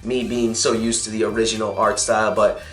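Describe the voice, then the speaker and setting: A man's voice: fairly low pitch, little pitch movement, a little fast, a bit bright. A young man casually reviewing a comic, recapping the plot in a rambling way with many fillers and restarts. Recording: echoey room with faint music.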